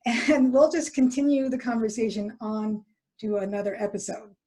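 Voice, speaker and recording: A woman's voice: on the high side, moderate pace, warm tone. A woman hosting a podcast interview, chatty and casual, talking with fillers and restarts. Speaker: podcast host.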